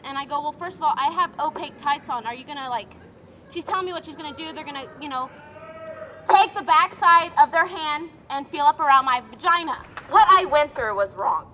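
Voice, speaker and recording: Indignant woman with a high bright voice. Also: expressive, moderate pace, big-room sound, a little hiss or hum. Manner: shaken, indignant, fillers. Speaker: rally speaker sharing a personal account. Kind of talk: personal testimony. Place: outdoors at a capitol rally.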